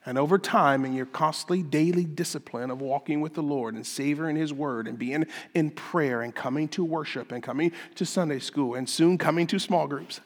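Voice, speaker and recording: Pastor, man, fairly high voice, emphatic sermon delivery, long reverb of a church hall. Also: normal speed, few pauses. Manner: emphatic preaching, rising to loud climaxes. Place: church sanctuary.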